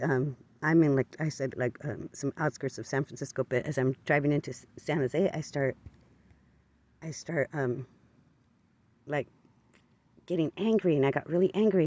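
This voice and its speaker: A man's voice: fairly high pitch, a little mellow, no echo. A man telling a personal story to camera in an earnest, confessional way, often stopping to restart and repeat his phrases. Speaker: vlogger.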